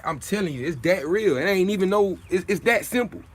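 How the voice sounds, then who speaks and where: A man's voice: high-pitched, animated, fairly quick, slight background noise. A young man hosting a casual livestream, talking in streetwise slang in a preachy way, often repeating his points. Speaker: livestream host.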